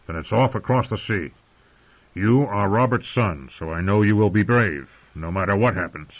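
A man voicing a weathered older male smuggler lord who talks low, plain and firm. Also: moderate pace. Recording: tinny phone-like sound.

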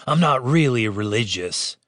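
A man's voice: mid-range voice, animated, unhurried, a bit bright, dry recording, clean studio sound. A man voicing an awkward, sheepish dwarf cleric who hesitates and stammers.

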